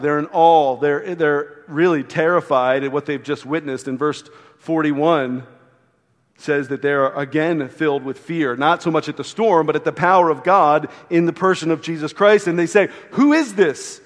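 Male pastor, sermon, storytelling, rhetorical questions, slightly high voice, long hall echo. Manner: storytelling, animated, frequent "right?" tag questions. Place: church sanctuary.

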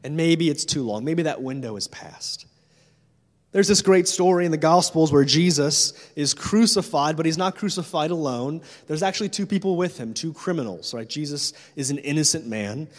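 A man's voice: on the high side, lively intonation, moderate pace, big-room sound. A man preaching a sermon in a church as pastor, making urgent, repetitive appeals to his listeners.

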